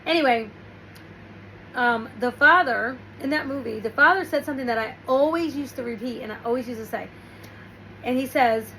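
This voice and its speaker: A woman's voice: a little high, normal speed, bright, forceful tone, slight background noise, rough recording. A woman host talking casually and rambling through a story while giving relationship and self-help advice. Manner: rambling, restarts, storytelling with quoted asides.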